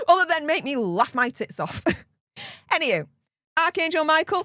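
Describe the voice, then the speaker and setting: A woman's voice: high voice, big pitch swings, measured pace, pauses often, bright, forceful tone, no room sound. A woman with a Yorkshire accent chatting casually to her viewers, blunt and laughing often. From Yorkshire, England. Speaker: YouTube commentary host. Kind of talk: casual chat to camera.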